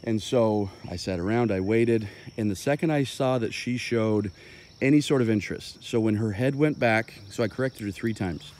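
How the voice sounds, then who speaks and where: A man's voice: on the low side, moderate pace, a little mellow, a little hiss or hum. A man, a dog trainer, explaining his methods in a loose, impromptu way on an outdoor walk, thinking aloud with plenty of fillers.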